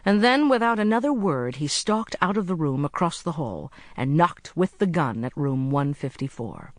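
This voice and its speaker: An audiobook narrator reading a mystery in a measured way, slowing down at tense moments. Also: mid-range voice, big pitch swings, no room sound. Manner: measured, slows for tension. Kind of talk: scripted narration.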